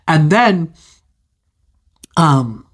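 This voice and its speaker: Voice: medium pitch, big pitch swings, drawn-out words. A speaker casually retelling a fairy tale, rambling with chatty asides and self-corrections. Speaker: storyteller.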